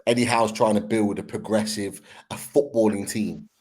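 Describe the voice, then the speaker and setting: A man on a football fan podcast, laying out his points one by one in a measured, casual way with fillers. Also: on the low side, fairly even intonation, darkish tone, breathy edge.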